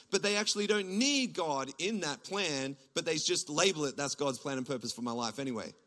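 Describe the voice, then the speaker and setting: Animated Australian man preaching. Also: high voice. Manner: animated preaching, voice rising to near-shouts. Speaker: pastor. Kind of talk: sermon. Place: church stage before a congregation.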